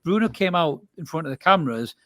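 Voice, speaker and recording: A man's voice: a little high, expressive, quick pace, fairly bright tone, dry recording, clean studio sound. A man, co-hosting a fan podcast and ranting bluntly in a heated live reaction, swearing freely. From North East England.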